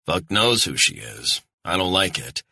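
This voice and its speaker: Man doing a gruff handler on the line, low husky voice, brusque, swears freely. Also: big pitch swings, measured pace, pushed and bright, no echo, exaggerated voice. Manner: clipped, brusque orders. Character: blunt male handler on the phone, curt and profane.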